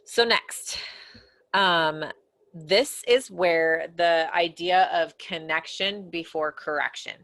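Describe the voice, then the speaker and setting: A woman with a low voice teaches parents in a recorded course lesson. She sounds earnest and conversational. She often eases down into a soft, quiet tone. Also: slow pace, dry recording. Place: home office corner.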